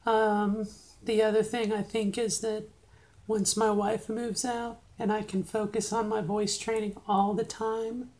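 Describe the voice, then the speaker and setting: A middle-aged woman recording a casual video diary in a practised, higher register. She speaks haltingly, with frequent pauses and fillers, at an ordinary mid pitch. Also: flat delivery, a little mellow, rough recording. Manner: hesitant, halting, full of fillers. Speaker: video diarist.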